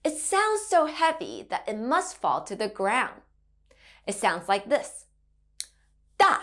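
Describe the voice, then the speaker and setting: Animated, slow-paced woman teaching kids. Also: fairly high pitch. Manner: gentle, encouraging, sing-song modelling of tones. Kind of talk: children's language lesson.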